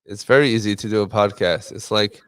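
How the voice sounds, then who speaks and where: A man who hosts the podcast has a low voice and a close, dry sound without room echo. He drops short, wry jokes between his guest's points. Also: steady tone, a little fast, smooth. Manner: dry, joking interjections. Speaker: podcast host. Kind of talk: podcast interview, brief joking asides.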